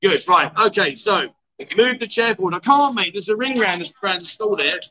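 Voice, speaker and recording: A man's voice: high voice, animated, normal speed, sharp tone, low-quality recording. A man hosting a casual livestream chat show at a bar, teasing and coaxing his guests. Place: outdoor bar.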